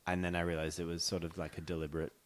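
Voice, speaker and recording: Low-voiced man, relaxed chat. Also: very fast. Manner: relaxed, thinking aloud with fillers. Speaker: podcast guest. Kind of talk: casual movie chat.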